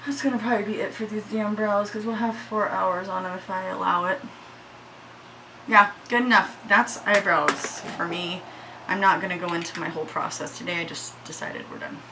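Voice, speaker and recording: A woman's voice: mid-range voice, steady tone, moderate pace, a little hiss or hum, poor audio. A woman chatting casually through a makeup tutorial at home, shaky and anxious, swearing freely. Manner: chatty, swears freely, yells at her dogs. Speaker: beauty vlogger.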